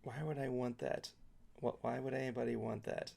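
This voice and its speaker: A man's voice: medium pitch, fairly even intonation, normal speed, creaky, a little mellow. A man co-hosting a casual talk show, rambling with many filler words. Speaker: podcast co-host. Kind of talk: casual chat.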